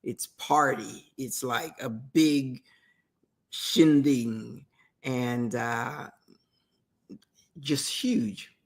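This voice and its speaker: A woman's voice: very deep voice, fairly even intonation, drawn-out words. A woman hosting a talk show, retelling a parable in a conversational way, with restarts and asides. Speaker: host. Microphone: streamed talk show mic.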